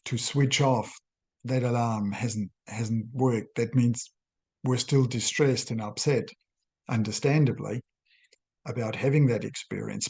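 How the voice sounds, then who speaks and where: A middle-aged man, a clinical psychologist, explaining a concept to camera in measured, halting phrases, often restarting a thought. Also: medium pitch, a little mellow, breathy edge. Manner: measured, halting delivery in short phrases with self-corrections.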